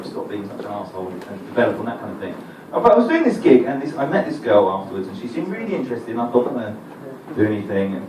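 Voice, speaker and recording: A young man with an Essex accent doing a rambling, self-deprecating stand-up set, swearing freely. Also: medium pitch. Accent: Essex English. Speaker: stand-up comedian. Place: comedy club stage. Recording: roomy live club recording, distant, crowd noise. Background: audience laughter and room noise.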